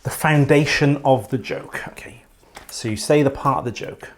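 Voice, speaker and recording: A man hosting a silly comedy show, playful and quick to laugh. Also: medium pitch. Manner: playful, giggly, bursts into loud laughter.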